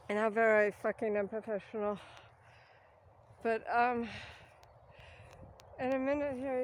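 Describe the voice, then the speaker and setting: Out of breath and walking along a grassy riverbank, a woman with a fairly high voice vlogs into a phone held at arm's length. She rambles, laughs often, and swears casually, with slight background noise.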